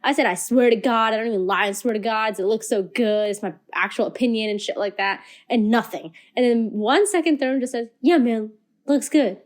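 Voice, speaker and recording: A woman guest on a casual podcast chat who tells stories lively and acts out the quoted voices. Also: fairly high pitch, brisk, hardly any pauses.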